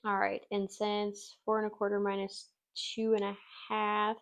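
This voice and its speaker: A woman's voice: mid-range voice, completely flat delivery, unhurried. Woman from Wisconsin, craft host; casual, self-deprecating, talks while she works. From Wisconsin, USA. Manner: chatty, self-deprecating, laughs easily.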